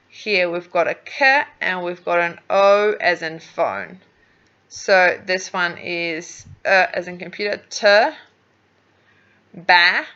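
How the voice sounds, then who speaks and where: A woman whose first language is Spanish, teaching English and giving feedback on a student's speaking task. She has a lowish, gravelly voice with a bright edge, and she patiently sounds words out syllable by syllable. The recording is dull and lo-fi. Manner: patient, explains pronunciation slowly, sounding words out.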